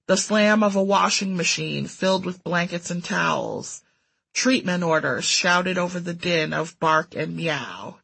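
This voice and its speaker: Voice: mid-range voice, creaky, fairly bright tone, breathy edge, no echo, low-quality recording. A narrator reading a personal essay aloud with a dry, sardonic manner.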